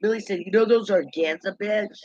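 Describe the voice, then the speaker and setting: A man's voice: high voice, moderate pace, no room sound. A man in a rambling, indignant gossip monologue, talking to himself. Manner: chatty, indignant, talks to himself. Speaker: vlogger. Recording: dull lo-fi dry recording.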